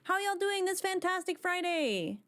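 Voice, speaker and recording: A woman chatting on a casual live stream, excitable and rambling, with lots of "like" fillers. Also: very high voice, normal speed.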